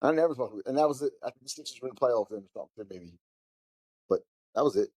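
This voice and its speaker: A man's voice: medium pitch, expressive, fast talker, a little mellow, slightly rough, no room sound. A man co-hosting a casual podcast, laid-back and self-deprecating, laughing often. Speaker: podcast co-host.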